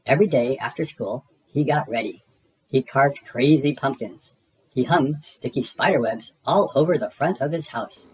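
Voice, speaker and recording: A reader narrating children's picture books aloud in a lively storybook manner. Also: medium pitch, faint music behind, rough recording. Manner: slow, lively storybook reading.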